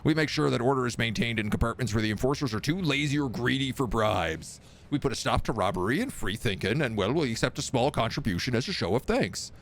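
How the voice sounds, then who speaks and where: A man's voice: mid-range voice, animated, fast talker, slight background noise, natural voice. A man voicing a swaggering male gang boss with a Cockney accent, brash and cheeky, in a video game read-aloud. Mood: boastful. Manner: brash, fawning yet cheeky.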